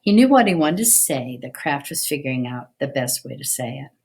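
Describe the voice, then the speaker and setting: A woman's voice: rumbling low, very animated, fairly quick, darkish tone, husky. A middle-aged woman giving a casual video history lesson, chatty, with many ums and restarts. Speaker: teacher.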